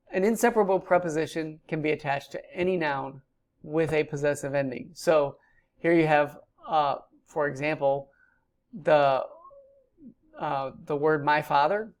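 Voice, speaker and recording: A woman giving a recorded grammar lecture, explaining patiently with frequent ums. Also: low-pitched. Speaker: Hebrew teacher.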